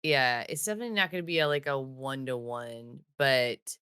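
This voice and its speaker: A woman co-hosting a podcast in casual, upbeat chat with quick asides. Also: a bass voice, sharp tone, clean tone, no room sound, clean studio sound. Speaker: podcast co-host.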